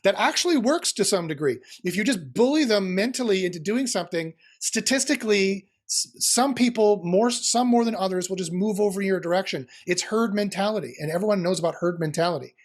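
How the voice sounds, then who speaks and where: Middle aged guy explaining stuff like a lecturer, pretty high voice. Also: animated, a little fast, few pauses. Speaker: guest, philosopher and teacher. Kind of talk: casual interview answers.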